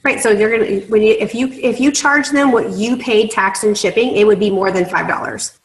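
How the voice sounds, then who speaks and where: A woman's voice: mid-range voice, normal speed, poor audio. A woman leading a casual sales training on a video call, chatty and full of fillers, laughing easily. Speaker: team leader giving sales training.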